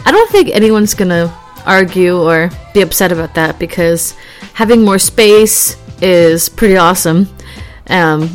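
A woman chats casually to her viewers in a rambling, easygoing way, laughing now and then. She gets animated when she acts out little everyday scenes. Faint music plays softly behind her. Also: lowish voice. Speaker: vlogger. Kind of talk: casual chat.

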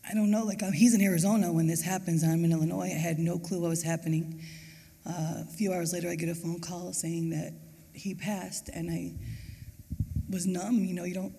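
A woman speaks with a dark, husky, gravelly voice, earnest and halting as she gives a personal testimony at a church service. Her words ring out with the long reverb of a large church auditorium. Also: lowish voice. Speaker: mother of a murder victim, guest on stage.

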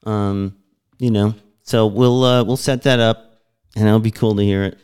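A man's voice: on the low side, fairly even intonation, unhurried, darkish tone, clean tone. A man co-hosting a podcast, chatty and laughing easily. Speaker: podcast co-host. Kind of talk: casual chat.

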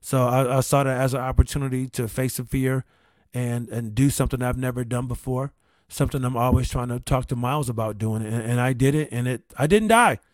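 A man's voice: medium pitch, fairly quick, no echo. A man casually telling a long personal story, rambling with restarts, repeated words and casual swearing. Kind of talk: casual anecdote.

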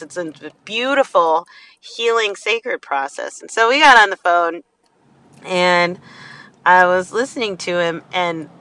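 A woman talking from inside a car in a casual motivational monologue, animated and acting out quotes. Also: lowish voice, low-quality recording. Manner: animated, acts out quotes in lively voices.

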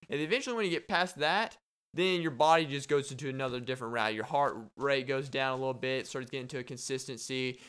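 Young male podcast host, casual solo chat, smooth voice, animated and rambling. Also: mid-range voice.

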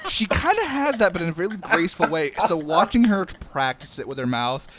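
A man's voice: fairly high pitch, big pitch swings, brisk, over a noisy crowd. A man on a podcast telling a story in a loose, chatty way, filled with likes and you-knows. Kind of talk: casual podcast chat.

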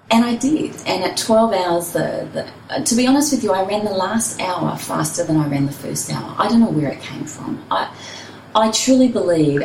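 A woman's voice: sits low, darkish tone, roomy sound, distant mic, slight background noise, poor audio. A woman, a personal trainer and runner, telling her story candidly and expressively in an interview.

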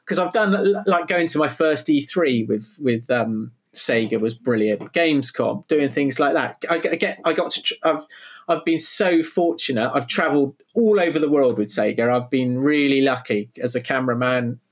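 A man's voice: medium pitch, moderate pace, breathy edge. Rambling, enthusiastic middle-aged man. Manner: rambling, enthusiastic, many restarts and tangents. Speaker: guest, video producer. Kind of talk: casual interview chat.

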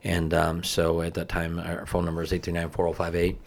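A man's voice: sits low, monotone, fairly quick, gravelly. A man in his fifties chatting casually, rambling folksy stories with many fillers. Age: 50s. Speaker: co-host, father of the host. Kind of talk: casual chat.

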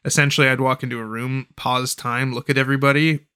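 A man's voice: medium pitch, flat delivery, fast talker, sharp tone, clear, resonant tone, no echo, studio quality. A man co-hosting a casual podcast, jokey and laid-back, saying "dude" a lot. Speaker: podcast co-host. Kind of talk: casual chat.

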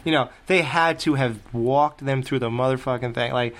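A man's voice: mid-range voice, normal speed, fairly bright tone. A man co-hosting a horror movie podcast, joking and swearing in casual chat. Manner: profane, joking. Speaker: podcast co-host.

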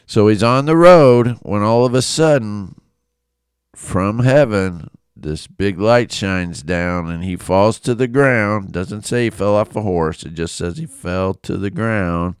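A man from Illinois giving a casual Bible study talk, conversational and animated, with storytelling asides. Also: lowish voice, slow, clear, resonant tone, no echo, studio quality. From Illinois, USA. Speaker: Bible teacher.

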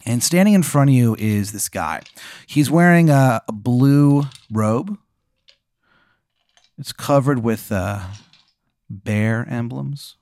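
A man's voice: medium pitch, expressive, unhurried, pauses often, a little mellow, no room sound, studio quality. A man improvising a story as game master, rambling with many fillers.

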